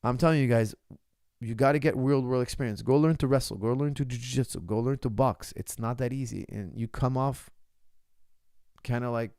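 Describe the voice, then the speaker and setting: A man with a gravelly, mid-pitched voice talks in a casual Q&A as a fight coach. He lectures emphatically and mocks the questions he gets. The sound is dry and close. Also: normal speed, darkish tone, no echo. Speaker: martial arts coach. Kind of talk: casual Q&A monologue. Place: lives in Canada.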